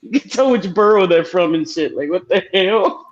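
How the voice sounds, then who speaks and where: A woman guest in a casual livestream chat, expressive, laughing a lot and swearing casually. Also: on the low side, moderate pace, a crowd in the background. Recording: slightly dull lo-fi audio.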